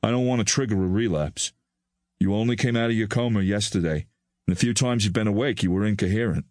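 A man doing a kindly, soft-spoken older doctor. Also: fairly low pitch, fast talker, no room sound, clean studio sound, lightly acted. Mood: calm, reassuring.

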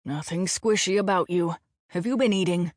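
A woman's voice: lowish voice, normal speed, no room sound, clean studio sound, lightly acted. A woman voicing a fussing, stern father. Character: worried, overbearing middle-aged father.

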